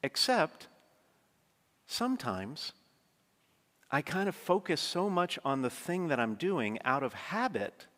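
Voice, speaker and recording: A man giving a conversational sermon, telling stories and often checking in with his listeners with asides. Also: medium pitch. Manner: conversational storytelling, frequent asides to the congregation. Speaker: preacher. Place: large church. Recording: long church reverb.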